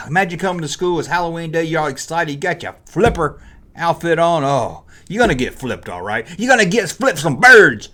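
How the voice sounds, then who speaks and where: A man hosting a jokey rant, with animated delivery and mock-taunting asides. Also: fairly high pitch, brisk. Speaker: host. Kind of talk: ranting toy and costume commentary.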